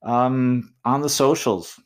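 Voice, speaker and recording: A man's voice: mid-range voice, slow pace, smooth. A man hosting a movie essay podcast, thinking aloud through his writing choices and giving listeners friendly, encouraging tips. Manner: chatty and encouraging, addresses listeners as folks; muses aloud, weighing options with questions.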